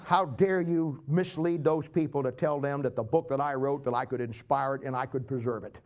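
A man's voice: medium pitch, fairly even intonation, brisk, darkish tone, lightly acted. A man preacher playing a sarcastically angry, scolding God in a mock rant. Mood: mock outrage. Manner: indignant, scolding, mock-outraged.

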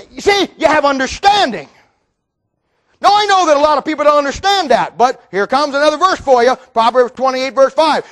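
High-voiced fiery preacher man. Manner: fiery, folksy, rhetorical questions, bursts of shouting. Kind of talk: sermon.

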